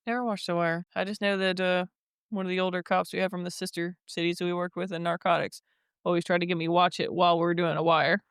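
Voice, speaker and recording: A man hosting a podcast and talking casually about his narcotics work, easygoing and quick to laugh. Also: high voice, flat delivery, a bit bright, clear, resonant tone, no room sound, clean studio sound. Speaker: podcast host, former narcotics officer. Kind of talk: casual conversation.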